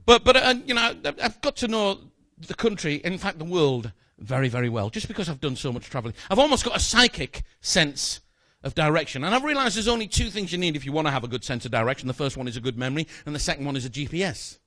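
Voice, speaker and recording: A man's voice: on the high side, animated, fast talker, few pauses, pushed and bright, no echo. A man performing a magic routine, chatting jokily with a volunteer from the audience on stage. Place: stage in front of a live audience.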